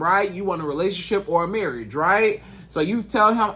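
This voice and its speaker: A man's voice: sits high, lively intonation, normal speed, few pauses, bright, forceful tone. A man speaking as a dating coach, giving emphatic, repetitive advice straight to camera in casual slangy speech. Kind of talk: direct-to-camera advice monologue.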